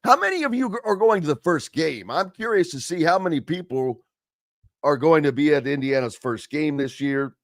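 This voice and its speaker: A man's voice: fairly high pitch, lively intonation, moderate pace, no echo, studio quality. A man hosting a sports talk radio show, chatting casually in a rambling way and reading listener comments aloud.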